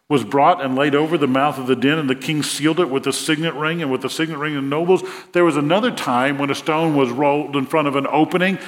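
A man's voice: fairly high pitch, in a large hall. A man preaching a sermon, retelling a Bible story and acting out the king's words with rising emphasis. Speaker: pastor.

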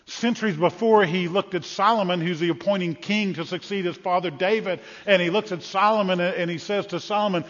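A man preaching a sermon, dramatically acting out scripture voices and rising to loud calls. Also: sits high, fairly quick, hardly any pauses. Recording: dull sound with long hall reverb.

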